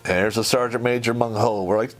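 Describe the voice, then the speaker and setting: Fast and steady in tone, a man with a mid-range voice hosts a podcast of casual storytelling. He rambles conversationally and curses a lot.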